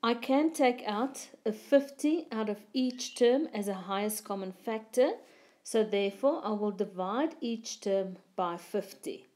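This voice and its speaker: Female maths teacher, voice-over, very slow and deliberate, mellow tone. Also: medium pitch. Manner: slow, methodical explaining. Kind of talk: step-by-step lesson voice-over.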